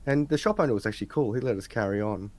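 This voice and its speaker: A man's voice: fairly low pitch, rapid-fire, a little mellow. Australian man telling stories. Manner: chatty anecdotal storytelling with slang. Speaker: interviewer. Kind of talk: casual chat.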